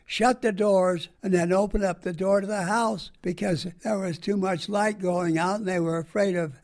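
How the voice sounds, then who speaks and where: High-voiced, gravelly older man. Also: fairly even intonation, moderate pace, darkish tone. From United States. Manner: folksy, plain-spoken storytelling. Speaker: veteran interviewee. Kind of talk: oral history reminiscence.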